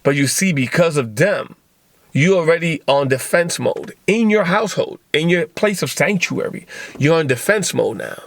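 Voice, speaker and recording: A man hosting a podcast, giving a blunt, profane motivational monologue and acting out quick bits of dialogue. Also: fairly high pitch, lively intonation. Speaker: podcast host.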